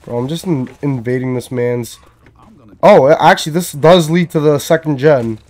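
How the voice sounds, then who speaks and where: Swearing young gamer, slightly high voice. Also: male voice, moderate pace. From Canada. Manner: profane, excitable, talks to himself. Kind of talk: casual gameplay commentary.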